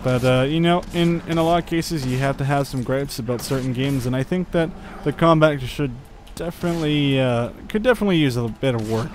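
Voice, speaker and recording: A man's voice: medium pitch, brisk, hardly any pauses, a little hiss or hum. Chatty man narrating his gameplay. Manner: chatty, thinking aloud with frequent fillers and chuckles. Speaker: gaming channel host. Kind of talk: casual gameplay commentary.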